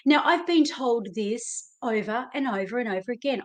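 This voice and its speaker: An Australian woman coach giving an emphatic, animated motivational talk, speaking directly to the listener. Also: fairly high pitch, normal speed. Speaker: self-help coach.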